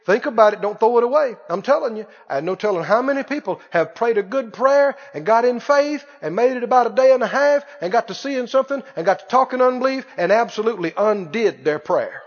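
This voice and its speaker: A man delivers a sermon with a high voice, hammering the same words over and over and prompting the congregation to answer back. The recording is muffled and carries long church reverb. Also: animated, fairly quick, few pauses. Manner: emphatic, repetitive preaching, calls for audience response. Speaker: pastor. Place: church hall.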